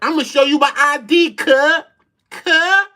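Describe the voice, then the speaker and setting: A man putting on a high, squeaky, insistent voice to mock another man who keeps pleading. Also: slow, pushed and bright, heavily acted. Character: shrill pleading man, mocked and overblown.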